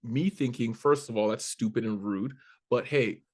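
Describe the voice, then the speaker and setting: A man from Canada, a comedian guest in an interview, telling a story with animated energy and acting out the voices of the people in it. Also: medium pitch, moderate pace. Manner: animated, acts out quoted voices, swears casually.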